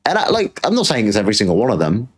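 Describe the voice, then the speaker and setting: A man's voice: on the low side, huge pitch swings, rapid-fire, slightly rough. A man hosting his own show, ranting in a casual monologue with frequent swearing and repeated phrases. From Britain. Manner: blunt, swears freely, repeats himself while ranting. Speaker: podcast host.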